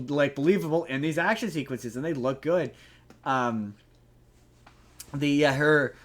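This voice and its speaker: A man's voice: a little high, a bit bright. A man hosting a podcast, chatting casually about a movie, rambling with many restarts and frequent swearing. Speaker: podcast host. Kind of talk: casual movie review chat.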